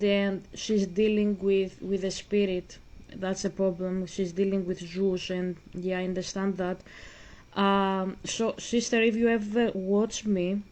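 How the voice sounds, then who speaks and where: A woman's voice: mid-range voice, warm tone, poor audio. A woman talking earnestly and emotionally to a viewer about faith while she plays a video game. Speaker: gaming streamer. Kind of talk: casual talk while playing a video game.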